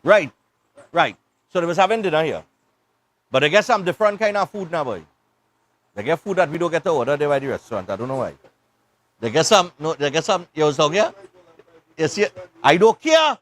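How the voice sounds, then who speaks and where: A Trinidadian man with a fairly high voice hosts a live morning show. He rambles through a casual story in thick island dialect, chatting loosely between segments. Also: big pitch swings, a little fast, long pauses, fairly bright tone. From Trinidad and Tobago. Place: beach club.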